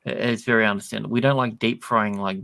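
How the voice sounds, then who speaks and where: A man's voice: fairly low pitch, steady tone, quick pace, gravelly, sharp tone, dry recording. A man with an Australian accent, joking dryly in casual chat on a live stream.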